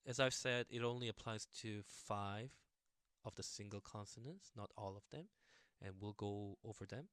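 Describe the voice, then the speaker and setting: A man's voice: lowish voice, normal speed, fairly bright tone, clean tone, dry recording, studio quality. A young man casually teaching a language lesson, explaining patiently with everyday examples and a few fillers.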